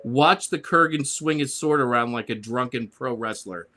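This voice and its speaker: A man's voice: medium pitch, moderate pace, pushed and bright. A man on a discussion panel reading his prepared comic review aloud in a sarcastic, grumbling way.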